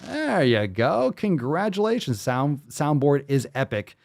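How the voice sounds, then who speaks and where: A man hosting a casual live podcast, loud, joking and full of profanity. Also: mid-range voice, animated, moderate pace. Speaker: podcast host.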